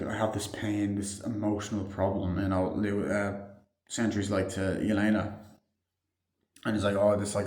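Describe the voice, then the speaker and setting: Rambling low-voiced man in echoey room. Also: darkish tone. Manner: rambling, heavy use of "like", swears casually. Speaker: movie reviewer. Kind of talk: casual rambling movie recap.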